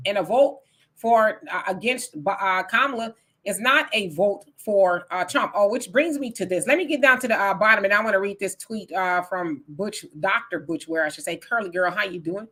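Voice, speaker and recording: Woman host for a live call-in style stream, bright, emphatic, casual. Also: mid-range voice, normal speed. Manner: reads viewer comments aloud, then argues back in casual, emphatic speech. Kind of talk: live political talk stream.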